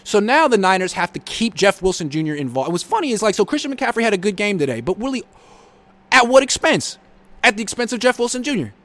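A man's voice: high voice, very animated, fast talker, fairly bright tone. A man hosting a live sports reaction show, reading viewer comments and answering with blunt sarcasm.

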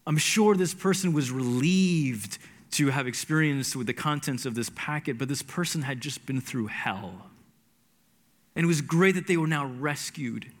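A man from New Jersey recounts a faith story in an earnest, halting manner. His voice sits at an ordinary middle pitch, and he often stumbles and restarts his sentences as he goes. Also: fairly bright tone. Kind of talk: personal storytelling sermon.

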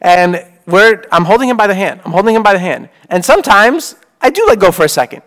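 A man in his thirties preaches casually as a priest, leaning on "like" and "okay?" again and again. His high voice is animated, brisk and fairly bright.

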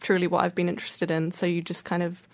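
This is a New woman being interviewed on the radio. She has a lowish voice with a gravelly edge of vocal fry. She talks casually and thoughtfully, letting her sentences trail away. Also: monotone, fast talker. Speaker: guest illustrator.

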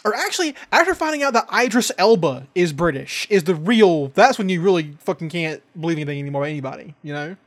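A man's voice: high-pitched, sing-song, quick pace, hardly any pauses. A man co-hosting a podcast in casual chat, joking and swearing as he rambles. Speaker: podcast co-host.

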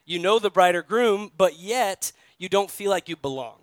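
A man from New York preaches a sermon in a high, smooth, resonant voice. He tells stories in a conversational way and often turns to his listeners with direct questions. The recording is dry and close. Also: lively intonation, moderate pace, no echo. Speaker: pastor.

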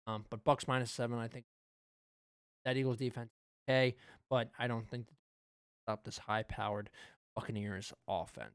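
Smooth-voiced man, casual betting chat. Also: mid-range voice, normal speed, long pauses, dry recording, clean studio sound. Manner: relaxed, loose, with frequent fillers. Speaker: podcast co-host.

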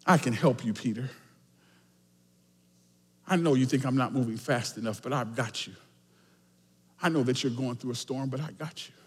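A reassuring savior figure speaking tenderly and with calm confidence, as a preacher voices him. The voice is high and rings out in a long hall reverb. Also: male voice, heavily acted. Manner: tender, then playfully confident. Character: gentle, reassuring divine male savior.

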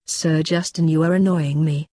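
Menacing killer highwayman, read by a woman, dark dry voice. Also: steady tone, moderate pace, no room sound. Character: feared male killer highwayman, menacing and proud.

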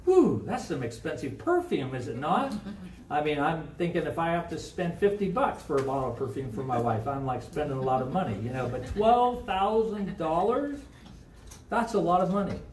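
Conversational Midwestern pastor preaching in an echoey church. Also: male voice, on the high side, big pitch swings, moderate pace, darkish tone, a little hiss or hum. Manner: conversational, asks the congregation questions. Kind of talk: sermon. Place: church sanctuary. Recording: echoey room, mic from a distance.

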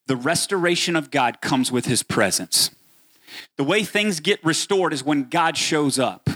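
Bright-voiced preaching man. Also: mid-range voice. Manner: animated preaching, addresses congregation directly. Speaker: pastor. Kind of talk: sermon.

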